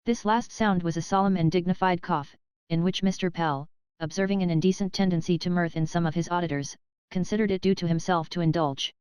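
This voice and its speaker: Female audiobook narrator, measured storyteller; crisp, dry studio voice. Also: fairly low pitch, no echo, low-quality recording. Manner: measured, even storytelling read. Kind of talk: scripted narration of a classic novel.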